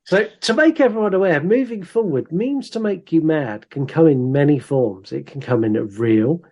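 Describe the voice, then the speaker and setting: Animated man co-hosting a podcast. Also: on the high side, normal speed. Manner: animated, reads listener comments aloud with put-on voices. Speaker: podcast co-host. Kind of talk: casual chat.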